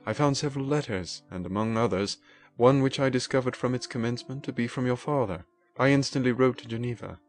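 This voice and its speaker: A man reading the lines of a stern older male magistrate in a classic audiobook, with measured, formal speech. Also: mid-range voice, faint music behind, pitched above the performer's own voice, close to an everyday voice. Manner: measured, formal, turning severe.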